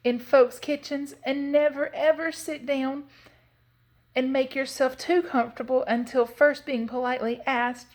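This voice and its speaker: A frightened little girl pleads in a high, trembling voice, as a woman reading aloud puts her on. She stammers and minds her manners, a timid child from a storybook.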